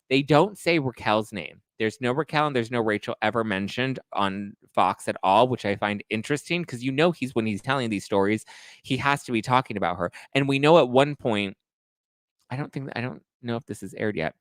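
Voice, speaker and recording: A man's voice: mid-range voice, a little fast, no echo. Crude, gossipy male host with a resonant voice. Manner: gossipy, crude, playful, breaks into song snippets. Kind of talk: casual gossip recap chat.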